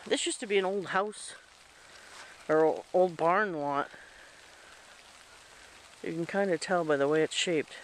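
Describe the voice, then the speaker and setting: A man's voice: a little high, unhurried, long pauses, fairly bright tone, a little hiss or hum, low-quality recording. A man chatting casually as he walks through his outdoor garden in light rain, recorded on a handheld camera. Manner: rambling, chatty. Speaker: vlogger. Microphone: handheld camera mic.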